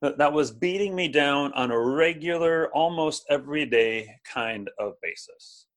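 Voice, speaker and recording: A man's voice: fairly high pitch, fairly bright tone. A man preaching a sermon, often repeating words and asking the listeners to respond. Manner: halting, repeats words, asks audience to respond. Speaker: pastor. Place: streamed over video call and social media.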